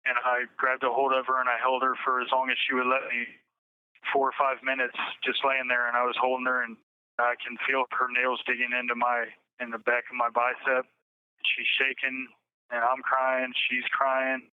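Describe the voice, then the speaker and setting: A man giving an emotional personal account in an interview, halting and repeating himself as he recounts events. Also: mid-range voice, completely flat delivery, smooth, no room sound. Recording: tinny phone line.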